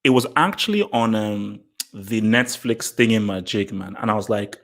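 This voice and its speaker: A man's voice: lowish voice, normal speed. A man hosting a casual question-and-answer talk to camera, blunt and emphatic, repeating himself with many fillers. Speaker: host answering viewer questions.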